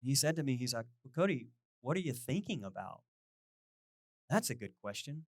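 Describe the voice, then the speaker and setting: A middle-aged male pastor giving a chatty, animated sermon, poking fun at himself and acting out little conversations. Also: mid-range voice, normal speed, no echo, studio quality. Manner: animated, self-deprecating, quotes people in lively voices.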